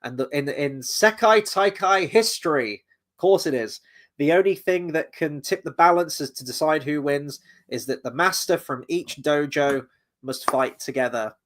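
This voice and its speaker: A British film and TV reviewer chats casually on a live stream, rambling along with lots of fillers and some casual swearing. His voice is a little high and fairly bright, and he speaks at a moderate pace.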